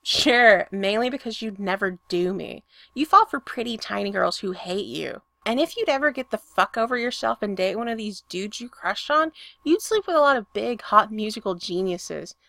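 A woman voicing a brash young woman rocker who talks loud, exasperated and profane. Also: mid-range voice, expressive, normal speed, vocal fry, hardly any pauses, dry recording.

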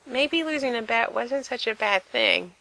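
Woman narrator, bright tone, slow intimate read-aloud of a romance story. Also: on the high side, lively intonation, creaky, no echo, low-quality recording. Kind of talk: reading fan fiction aloud.

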